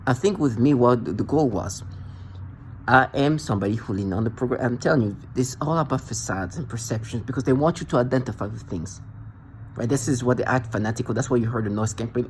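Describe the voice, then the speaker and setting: A man's voice: mid-range voice, a little mellow, slight background noise. Angry man ranting straight at someone. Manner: ranting, confrontational, repetitive. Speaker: vlogger. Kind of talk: angry accusatory monologue.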